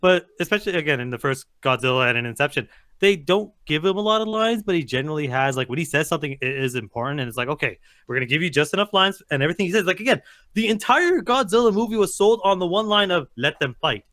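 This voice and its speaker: A man co-hosting a podcast, talking quickly and laughing through casual banter. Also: sits high, animated, a bit bright. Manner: rapid, laughing, profane. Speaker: podcast co-host.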